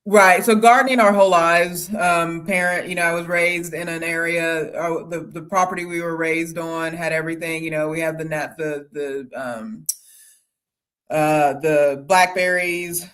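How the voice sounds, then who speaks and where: A woman talks casually as a guest on a live chat. Her speech is halting and rambling, with frequent fillers and restarts as she thinks aloud. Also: fairly low pitch, fairly even intonation, a bit bright. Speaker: guest homesteader. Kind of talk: casual conversation.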